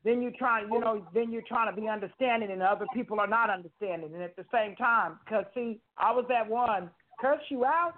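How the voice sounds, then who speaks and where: A woman's voice: on the high side, fairly quick, hardly any pauses. A woman in her fifties giving an emphatic, preacherly spiritual testimony on talk radio, repeating phrases and speaking colloquially. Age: 50s. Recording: phone-like narrow sound.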